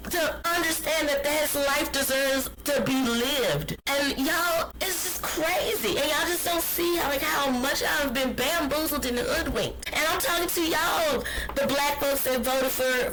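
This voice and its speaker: Woman podcast host, high voice, heated and profane delivery, solo commentary. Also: rough recording. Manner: impassioned, profane, ranting.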